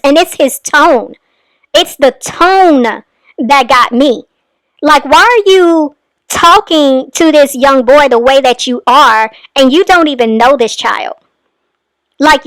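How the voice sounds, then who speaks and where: A woman's voice: high voice, fairly bright tone, dry recording. A woman hosting a reaction commentary, talking in an indignant, emphatic way about a clip she is playing. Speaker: commentary host.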